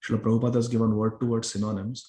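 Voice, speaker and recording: In a temple hall with roomy echo, a lecturer gives a scripture class sermon, explaining a verse word by word and repeating phrases for emphasis. He speaks in a fairly low, warm, level voice at a racing pace.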